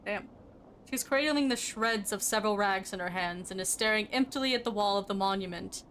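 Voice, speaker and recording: Young woman streamer reading game text out loud, casual, faint hum behind. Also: mid-range voice, brisk. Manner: casual, reads narration plainly.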